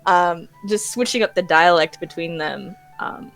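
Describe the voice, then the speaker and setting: A woman as a guest on a casual roundtable, lively and laughing between words. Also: on the low side, a little slow, gravelly, soft background music. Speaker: guest streamer.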